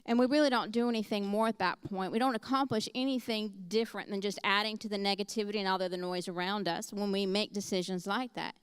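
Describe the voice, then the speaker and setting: Middle-aged woman preacher, lively storytelling delivery, smooth voice on a dry close mic. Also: mid-range voice, fast talker, few pauses, dry recording. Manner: storytelling, animated and conversational. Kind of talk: sermon.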